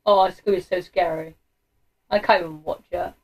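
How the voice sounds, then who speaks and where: A woman's voice: on the low side, fairly even intonation, fairly quick, slightly rough, muffled recording. A woman giving horror game commentary, giggling nervously and squealing with fright. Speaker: gamer.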